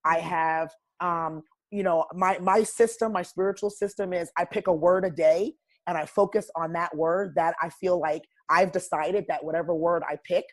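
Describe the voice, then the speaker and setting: A woman's voice: fairly low pitch, fairly even intonation, moderate pace. A woman wellness coach talking on a podcast as a guest, emphatic, preachy and blunt. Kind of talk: casual podcast conversation.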